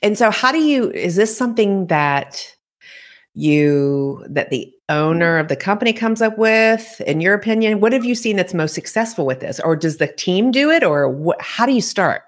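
A woman's voice: medium pitch, lively intonation, normal speed. A woman hosting a podcast interview, asking curious, encouraging questions. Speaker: podcast host.

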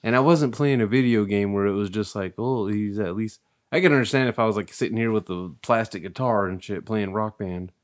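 A man with a fairly low voice trades crude jokes and anecdotes in a relaxed conversation among friends. His talk is loose, profane and teasing. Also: a little fast. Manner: joking, crude banter. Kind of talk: casual chat.

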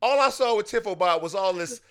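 Podcast co-host, male, high lively voice, excitable, teasing, swears freely. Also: fairly quick. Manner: animated, laughing, swearing, mocking voices. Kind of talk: casual movie chat.

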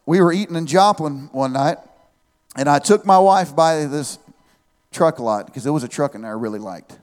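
High-voiced man preaching a lively sermon. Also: moderate pace, in a large hall. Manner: animated preaching with humorous asides and calls of amen.

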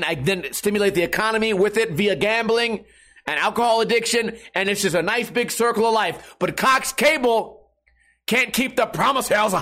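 Pushed and bright, this young man's voice is high. Looking straight into the camera, the skateboarding vlogger goes on a casual, sarcastic rant about his internet and skating, cursing freely throughout the monologue.

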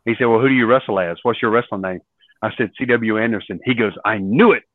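A man and former wrestler, a podcast guest, telling lively stories and acting out what others said. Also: lowish voice, fast talker, no room sound. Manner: animated storyteller acting out quoted voices. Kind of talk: storytelling in an interview. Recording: dry tinny phone-like line.

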